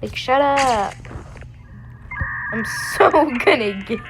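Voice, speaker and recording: A woman's voice: high-pitched, expressive, takes it slowly, music in the background. A young woman chatting casually while playing a game with a friend, sassy and full of slangy roasting. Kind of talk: casual voice-chat gameplay banter.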